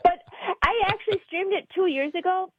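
A woman comedian chatting on a radio show, animated and rambling, laughing as she talks. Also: extremely high pitch, fairly quick, no room sound, phone-quality sound. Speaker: comedian guest. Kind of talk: casual radio chat.

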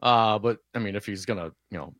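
A man co-hosting a talk radio show, indignant and excitable, tripping over repeated words. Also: on the low side, fairly quick, no echo, studio quality. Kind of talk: opinionated talk radio banter. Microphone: studio microphone.

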